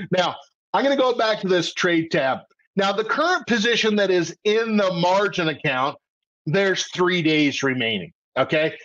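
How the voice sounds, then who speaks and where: A trading coach teaches options trading in a live webcast, animated and full of rhetorical questions, tacking "okay?" onto his points. His voice sits high, and the audio is dull.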